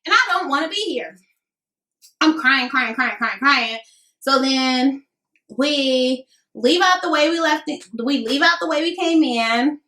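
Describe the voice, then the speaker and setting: A woman in her twenties telling a casual storytime vlog, chatty and animated, talking straight to viewers. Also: high-pitched, a little slow. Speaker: vlogger. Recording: echoey room.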